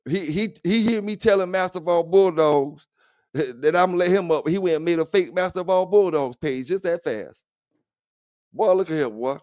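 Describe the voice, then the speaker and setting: A man's voice: sits high, moderate pace, darkish tone, smooth, no room sound, clean studio sound. A man hosting a livestream dog talk show, chatting loosely with viewers in profane trash talk and laughing often. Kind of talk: casual livestream chat.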